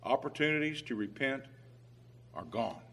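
A man preaching a sermon with emphatic swings in loudness who reads scripture aloud in old-fashioned biblical phrasing. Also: mid-range voice, expressive, normal speed.

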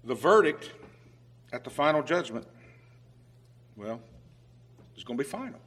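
Man preaching a sermon, emphatic, swings between loud and soft, mid-pitched voice, reads scripture aloud. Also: expressive, moderate pace. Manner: reads scripture aloud in old-fashioned biblical phrasing.

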